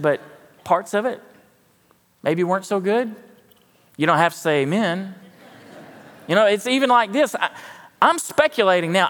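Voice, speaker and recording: Folksy high-voiced pastor preaching. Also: male voice, fairly bright tone, big-room sound. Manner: folksy, conversational, self-deprecating asides. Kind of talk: sermon. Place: church sanctuary.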